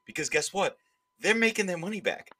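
A man's voice: high voice, animated, brisk, pushed and bright. A man hosting a political podcast who rants emphatically and slips into mocking voices. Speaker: podcast host. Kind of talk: opinionated political podcast talk.

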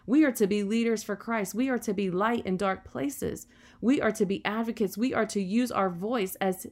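A woman delivers a sermon in a mid-pitched voice. She speaks earnestly and encouragingly, slipping in "you know" often as she builds her points. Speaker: preacher.

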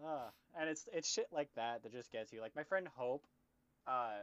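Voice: mid-range voice, expressive, normal speed, dry recording. Rambling, profane casual storyteller. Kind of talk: casual chat. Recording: dull lo-fi dry recording.

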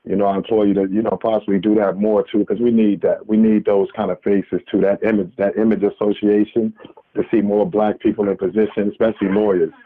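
A man from New York rings into a radio show and talks briskly in a fairly low, flat voice, with no echo on the tinny phone line. He preaches earnestly, breaking off and beginning again many times in his impassioned call.

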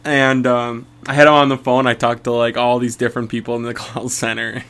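A man's voice: mid-range voice, flat delivery, a little fast, fairly bright tone, clear, resonant tone. Young man telling rambling stories. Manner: rambling storyteller, swears a lot, laughs often. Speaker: podcast co-host. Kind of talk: casual podcast chat.

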